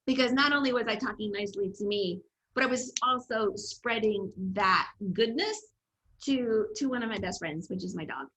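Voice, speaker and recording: A woman development coach giving an upbeat, animated presentation on a video call, telling stories to her class. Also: fairly high pitch, low-quality recording.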